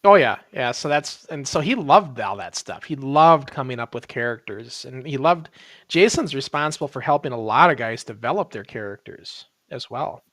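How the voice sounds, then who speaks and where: A man's voice: mid-range voice, normal speed, no echo. A man who once wrestled, hosting a casual chat and reminiscing about old shows. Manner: reminiscing, relaxed. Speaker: host, former wrestler.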